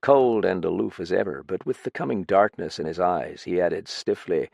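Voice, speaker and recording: Gravelly, low-voiced male audiobook narrator. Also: a little mellow, no echo. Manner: measured storytelling. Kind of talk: scripted narration.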